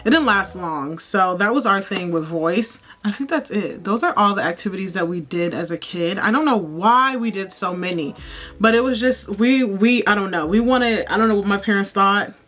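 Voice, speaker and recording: A woman's voice: medium pitch, normal speed, fairly bright tone, soft background music. Chatty young woman vlogger telling stories. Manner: chatty, repeats herself, addresses viewers as y'all. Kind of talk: casual storytelling while doing makeup.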